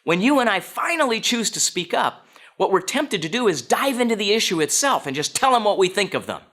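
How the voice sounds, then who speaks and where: A man speaks to an audience with a bright, crisp edge, his pitch swinging widely as he tells his story. He often turns to his listeners with direct questions. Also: big pitch swings, a little fast.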